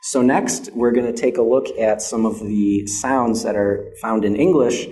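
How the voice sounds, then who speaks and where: Young American male teacher, patient, deliberate delivery, mellow tone, peppers explanations with "okay?". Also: medium pitch, fairly even intonation. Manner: patient, checks in with frequent "okay?". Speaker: English pronunciation teacher. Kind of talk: classroom pronunciation lesson.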